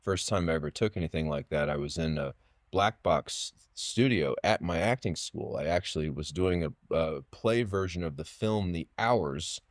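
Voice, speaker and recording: Low-voiced man telling rambling stories. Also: normal speed, no room sound, studio quality. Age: late 30s. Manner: rambling, full of restarts and fillers. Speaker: podcast guest, poet and writer. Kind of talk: casual interview storytelling.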